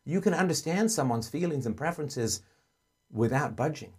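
A man's voice: fairly high pitch, lively intonation, moderate pace, slightly rough. Earnest man hosting a call-in show. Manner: earnest, acts out gentle parent dialogue. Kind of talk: advice call-in talk.

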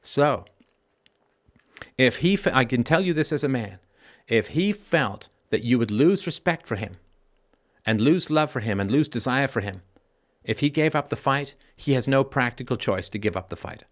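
A man's voice: mid-range voice, expressive, moderate pace. Emphatic lecturing male call-in host. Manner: lecturing, emphatic, asks probing questions. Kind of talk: call-in advice talk.

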